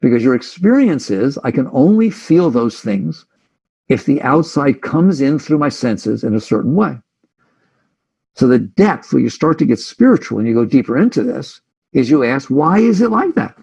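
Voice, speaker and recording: Gravelly, husky man giving a spiritual talk. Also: mid-range voice, very animated, moderate pace, dark tone, highs cut off. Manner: reflective, conversational, voices inner thoughts. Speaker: spiritual teacher.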